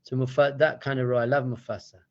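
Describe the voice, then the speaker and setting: A man speaking as a rabbi, giving an animated teaching talk full of storytelling. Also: medium pitch, quick pace, lo-fi sound.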